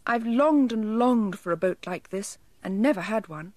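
A woman voicing a tiny, eager, fretful male elf with a small silvery voice, high and pleading, in a storybook reading. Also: sing-song, normal speed, a little mellow, no echo. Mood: dismayed.

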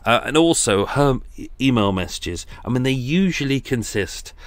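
A man's voice: mid-range voice, animated, moderate pace, no room sound. A man hosting a podcast, telling a rambling comic monologue full of jokey asides and sighs. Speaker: podcast host.

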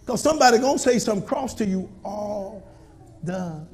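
High-voiced preacher man, shouting and murmuring. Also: expressive, brisk. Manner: call-and-response preaching, swinging from low asides to shouts. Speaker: pastor. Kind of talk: sermon.

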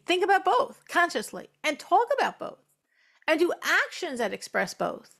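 An American woman teaching a religious class in a lively spoken style, repeating phrases for emphasis and quoting Hebrew. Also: extremely high pitch, normal speed, creaky. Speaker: Torah teacher.

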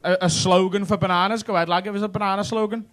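A man doing stand-up crowd work in a comedy club, teasing the audience with quick banter. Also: high voice, steady tone, a bit bright. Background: audience laughter.

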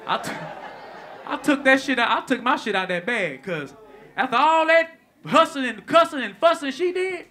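A man doing stand-up comedy, telling a story in an animated, profane way and acting out the lines of people in it. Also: very high voice, normal speed, a faint crowd, a little hiss or hum. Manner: animated, profane, acts out quotes.

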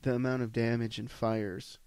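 A man's voice: mid-range voice, little pitch movement, normal speed, a little mellow, clear, resonant tone, no room sound. Blunt, profane man ranting solo. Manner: blunt, profane, rambling with restarts. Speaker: podcast host. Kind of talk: solo rant podcast.

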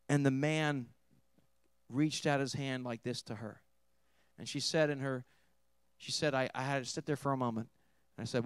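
A man preaching a sermon in a mid-pitched voice. He tells a story in a quiet, intimate tone, then rises to emphatic points. The sound is dry and close. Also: fairly even intonation, moderate pace, long pauses, clean tone, dry recording. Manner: storytelling, swings between hushed and emphatic. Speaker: pastor.

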